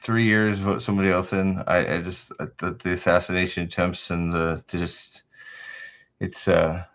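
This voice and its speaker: A man's voice: sits low, little pitch movement, moderate pace, a bit bright, highs cut off. A man hosting a livestream in casual chat, rambling and swearing heavily, often restarting his sentences. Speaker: livestream host.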